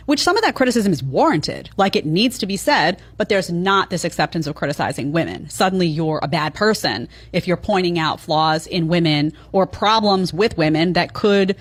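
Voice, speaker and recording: Woman, podcast opinion talk, animated, mimics others, filler likes. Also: fairly low pitch. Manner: animated, mocking quoted voices, filler "like".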